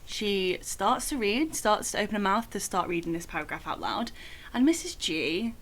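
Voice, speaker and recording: A woman's voice: mid-range voice, big pitch swings, normal speed, fairly bright tone. A young woman telling a personal story in a casual vlog, chatty and full of "like" fillers. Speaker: vlogger.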